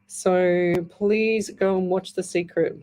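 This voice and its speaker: A woman's voice: lowish voice, steady tone, slow pace. A middle-aged woman hosting a live call-in psychic show, chatty and affectionate, reading out comments and explaining things in plain terms. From Australia. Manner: chatty, warm-hearted, calls listeners lovey and hun. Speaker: psychic medium radio host.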